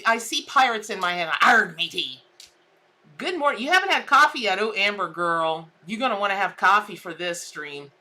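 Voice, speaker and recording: A woman's voice: fairly high pitch, pushed and bright. A woman hosting a live tarot stream, chatting in a bubbly, exclamatory way with viewers. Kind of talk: casual live-stream chat. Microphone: desk mic.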